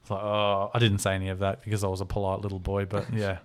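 A man's voice: fairly low pitch, quick pace. A man in his thirties, a podcast co-host, telling a story casually, swearing freely and acting out the people he quotes. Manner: animated, swears freely, acts out quoted voices.

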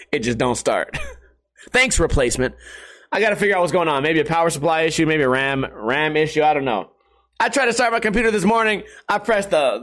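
A man's voice: on the high side, a bit bright. A young man streaming from home, telling crude, rambling stories in casual chat and laughing at his own jokes. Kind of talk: casual profane monologue.

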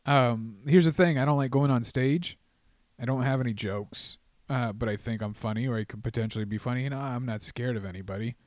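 Opinionated comedian in a dry close recording. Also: male voice, medium pitch, brisk, no echo. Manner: opinionated, explains points at length. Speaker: podcast co-host and comedian. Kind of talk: casual chat.

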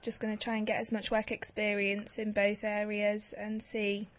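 A woman in her twenties, a student guest, answering questions hesitantly and softly. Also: mid-range voice, monotone, normal speed. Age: 20s. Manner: hesitant, soft-spoken. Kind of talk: casual radio interview.

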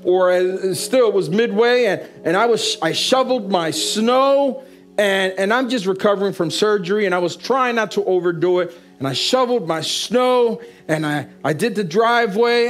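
A middle-aged male pastor preaching with a fairly high voice, leaning on repeated phrases and calls to the congregation. Soft music plays faintly behind him. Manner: call-and-response preaching, repetitive emphatic phrasing. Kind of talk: sermon.

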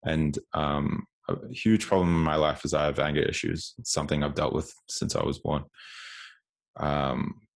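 Gravelly low-voiced man in his twenties. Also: steady tone, moderate pace. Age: 20s. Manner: candid, repeats words while telling stories. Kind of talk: casual conversational storytelling.

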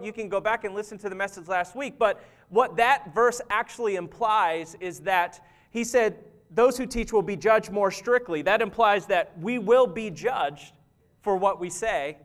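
High-voiced man preaching a sermon. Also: fairly bright tone. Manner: conversational, self-deprecating, laughs often. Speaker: pastor. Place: church.

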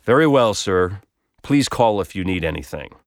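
A man's voice: sits low, lively intonation, moderate pace, dry recording, clean studio sound, voice pushed down. A man voicing a distinguished male hotel butler who speaks formally and deferentially.

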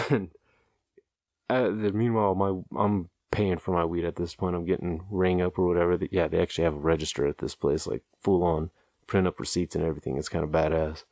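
A man's voice: deep voice, steady tone, brisk, darkish tone, dry recording, clean studio sound. A man casually telling a rambling, amused anecdote, loose and profane, often chuckling at his own tale. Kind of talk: casual storytelling.

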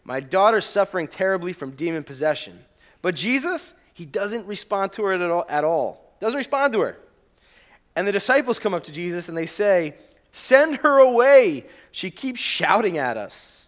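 Young male pastor, fairly high voice, chatty animated preaching, asks the crowd questions. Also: normal speed. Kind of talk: sermon.

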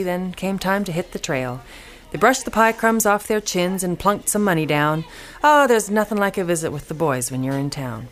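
A woman from Alberta, reciting rhyming cowboy poetry in a folksy drawl. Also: on the low side. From Alberta, Canada. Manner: folksy drawl, dropping g's, voicing characters. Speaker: cowboy poet.

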